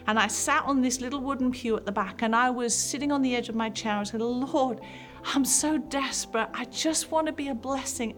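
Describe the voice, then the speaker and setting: Speaking to mothers, a woman pastor in her fifties shares an earnest, heartfelt personal testimony. Her voice is fairly high, and soft music plays faintly beneath it.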